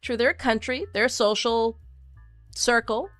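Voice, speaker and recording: A woman's voice: fairly high pitch, unhurried, dry recording, soft background music. Woman streamer chatting with dry sound. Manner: animated, opinionated, filler-heavy. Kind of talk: casual chat reading viewer comments.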